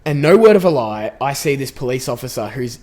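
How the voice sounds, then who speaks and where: Young man, podcast co-host, rambling chat with lots of restarts, mid-pitched voice. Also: very animated, brisk, mellow. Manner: rambling, restarts sentences, says "like" often. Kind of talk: casual chat.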